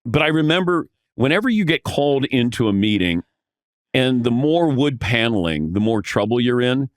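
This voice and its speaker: A man telling animated anecdotes as a podcast guest, acting out the voices of the people in his stories. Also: medium pitch, normal speed, no room sound, clean studio sound. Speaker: podcast guest, veteran sportscaster. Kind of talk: casual storytelling.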